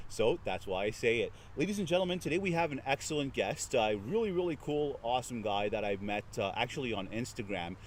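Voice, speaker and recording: A man's voice: medium pitch, slight background noise. Wordy male interview host. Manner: formal, wordy, repeats "ladies and gentlemen". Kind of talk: casual interview.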